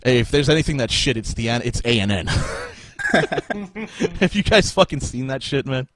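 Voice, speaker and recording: Here a man with a medium-pitched, fairly bright voice hosts a live podcast, delivering a profane, angry, sarcastic rant at normal speed. He's expressive throughout and keeps bursting into laughter between the swearing.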